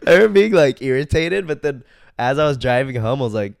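A man's voice: medium pitch, animated, fast talker, gravelly, dry recording. Laughing, profane young man. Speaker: podcast co-host. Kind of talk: casual chat.

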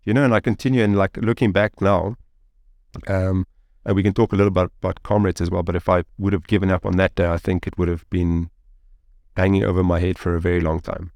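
A man, a guest telling a story in an interview, rambling and animated with lots of fillers like "like" and "you know". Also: deep voice, brisk, dry recording, studio quality.

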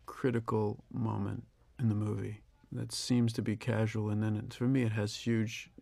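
A man in his sixties, a film director giving a reflective, measured audio commentary. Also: fairly low pitch, little pitch movement, gravelly, darkish tone, no room sound. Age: 60s. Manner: reflective, measured, with pauses and restarts.

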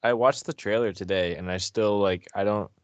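A man co-hosting a podcast in casual chat, easygoing and quick to laugh. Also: on the low side, smooth, no echo, muffled recording. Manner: easygoing, chatty, laughs often. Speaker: podcast co-host.

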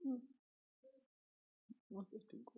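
A man preaching a sermon, emphatic, repeating words and dropping into hushed quotes. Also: extremely slow, narrow, tinny audio.

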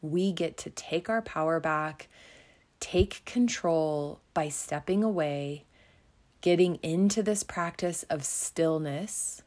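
A woman's voice: deep voice, slow pace, a little mellow. A woman hosting a reflective self-help podcast, speaking in a soothing, encouraging way and sometimes dropping to a whisper. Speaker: podcast host.

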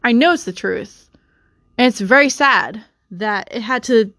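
A woman's voice: fairly high pitch, unhurried, a bit bright, no room sound, clean studio sound. A young woman with a cold and a stuffy nose, ranting emotionally in a personal vlog, swearing and rambling with many fillers and restarts, recorded on a phone or built-in mic. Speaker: vlogger.

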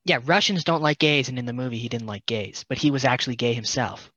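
Bright-voiced man reviewing movies. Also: mid-range voice, fast, no room sound. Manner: animated, acts out reactions with rising voice. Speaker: podcast co-host. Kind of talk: casual movie review chat. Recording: dull, dry podcast mic.

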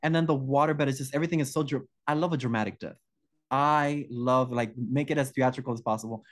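A man's voice: medium pitch, fast talker. A male podcast co-host chatting about horror films, effusive and gushing, often breaking off mid-sentence.

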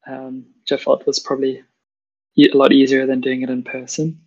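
A trans woman from South Africa, speaking with a South African accent, joins a casual chat as a guest over a video call. Her voice is rumbling low, husky, darkish, and monotone, fairly quick, and the recording is muffled; she hesitates, restarting often and using many fillers.

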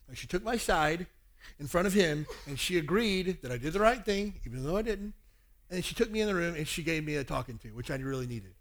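Storytelling man preaching, higher voice. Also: lively intonation, quick pace. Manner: storytelling, acts out family dialogue. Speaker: pastor. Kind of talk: sermon with personal stories.

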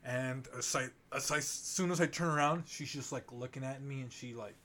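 A young man co-hosting a casual podcast, slangy and animated. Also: medium pitch, fairly quick. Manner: slangy, says dude a lot, animated storytelling. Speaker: podcast co-host. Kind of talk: casual chat.

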